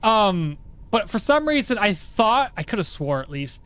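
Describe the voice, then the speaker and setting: A man's voice: high-pitched, very animated, normal speed, a bit bright, clear, resonant tone. A man streaming a game live, chatting casually with his viewers and laughing often as he plays. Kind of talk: live gameplay commentary to chat.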